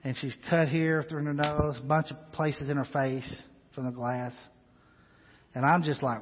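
A man preaching a sermon in a church, telling a personal story and swinging between hushed asides and loud, rising exhortation. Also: fairly high pitch, steady tone, a little slow, slight background noise. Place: church sanctuary. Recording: long hall reverb, dull lo-fi sound.

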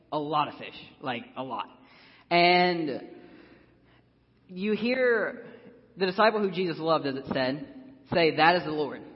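A man's voice: fairly high pitch, dull audio. Earnest young man preaching in a reverberant hall. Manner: earnest, casual, filler-heavy. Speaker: church speaker. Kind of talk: informal personal sermon.

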